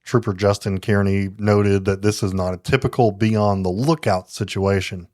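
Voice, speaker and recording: Playful, low-voiced podcast co-host man. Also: steady tone, normal speed, a little mellow, no room sound, studio quality. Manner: playful, joking banter. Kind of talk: casual chat.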